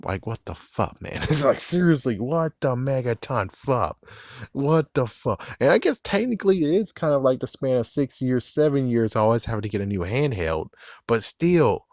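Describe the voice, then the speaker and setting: A man's voice: mid-range voice, lively intonation, normal speed, a little mellow, no echo, clean studio sound. A man giving a ranting commentary on games, exasperated and profane, repeating himself as he vents. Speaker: gaming vlogger.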